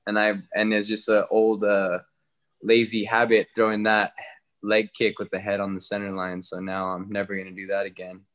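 A young man from New Mexico, a guest fighter talking casually in an interview, relaxed and slangy. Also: lowish voice, normal speed. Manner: relaxed, slangy, retells talks with others in quoted bits.

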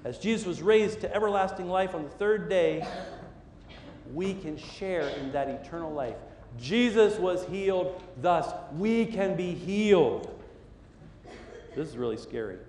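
Animated male pastor, echoey church. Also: high voice, a little slow, slight background noise. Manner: animated storytelling, acting out voices and sounds. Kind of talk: sermon. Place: church sanctuary.

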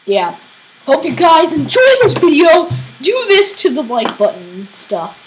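A woman hosting a game channel, giving casual let's-play commentary, excitable and yelling at opponents. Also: high voice, measured pace, slight background noise, low-quality recording. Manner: excitable, squealing and shouting at opponents. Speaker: gaming channel host.

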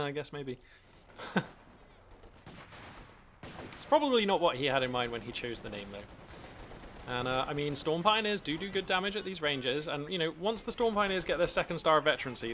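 A man giving animated live commentary on a strategy game from a home streaming setup, thinking aloud with frequent restarts. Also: a little high, slight background noise.

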